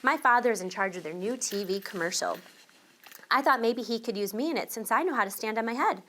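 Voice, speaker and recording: A woman teacher reading a children's picture book aloud to young listeners, expressive and switching voices for the child and the mother. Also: on the high side, a little fast. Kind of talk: children's storybook read-aloud.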